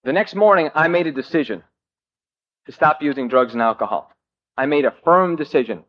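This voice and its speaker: A man shares his recovery story with a group in a wry, self-mocking way, pausing often on fillers. His voice sits a bit high for a man. The recording is a dull, muffled old cassette. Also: animated. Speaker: speaker at a recovery meeting.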